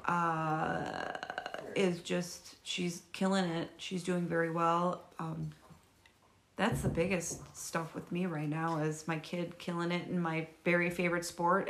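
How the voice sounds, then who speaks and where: A woman in her thirties co-hosting a casual chat podcast, excitable and laughing often, swearing freely. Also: lowish voice, a little slow. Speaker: podcast co-host.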